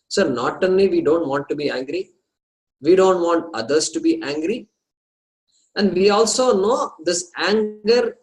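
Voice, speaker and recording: A man teaching a scripture study class, explaining terms slowly and repeating them, with some hesitant pauses as he talks to his students. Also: fairly high pitch, rough recording.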